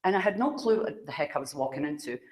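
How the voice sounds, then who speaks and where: A woman's voice: deep voice, expressive, fast talker. A middle-aged woman from Scotland, a spiritual speaker who tells stories to a live audience. She acts out the dialogue in her stories and laughs often. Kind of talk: storytelling talk to a live audience. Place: room with an audience. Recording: roomy, echoey hall sound.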